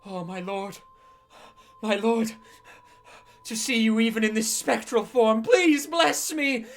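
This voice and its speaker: A man voicing a fanatical male cult servant who pleads in a high, frantic voice. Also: slow, creaky, full character voice. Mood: groveling.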